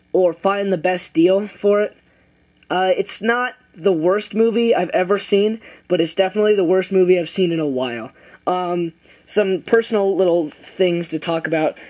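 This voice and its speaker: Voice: medium pitch, darkish tone, poor audio. A casual movie reviewer retelling a plot in a rambling way, full of fillers and restarts.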